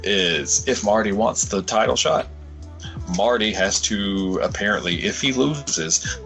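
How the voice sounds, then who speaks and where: A man's voice: on the low side, a little slow, vocal fry, soft background music, poor audio. A young man co-hosting a podcast, rambling and swearing freely as he retells things. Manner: rambling, swears freely, quotes others in animated bits. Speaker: podcast co-host. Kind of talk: casual chat.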